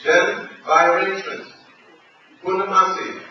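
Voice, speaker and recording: A man giving a devotional sermon, telling a sacred story with animated emphasis on the quoted lines. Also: sits high, measured pace. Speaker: spiritual teacher. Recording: roomy, distant, dull lo-fi recording with faint noise.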